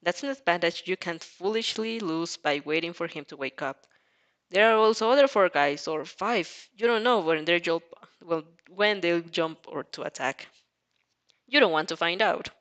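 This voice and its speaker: A woman's voice: fairly low pitch, normal speed, fairly bright tone, muffled recording. A woman reading fanfiction aloud in a casual manner, stumbling over words now and then and breaking into her own reactions. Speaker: fanfic reader.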